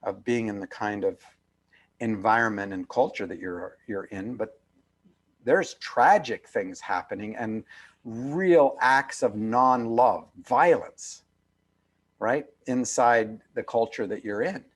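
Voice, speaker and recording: A man's voice: lowish voice, takes it slowly, slightly rough. A man over fifty, an author being interviewed, talking in an earnest, emphatic way and repeating phrases for weight. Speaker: author and guest. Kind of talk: reflective interview talk. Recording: video call.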